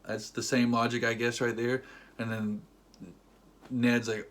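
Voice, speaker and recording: A young man rants casually about a movie he disliked, with a steady mid-range voice. He keeps slipping into quick mimicked quotes as he retells scenes, his tone dry and sarcastic. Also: mid-range voice. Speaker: movie reviewer. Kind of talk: casual rant.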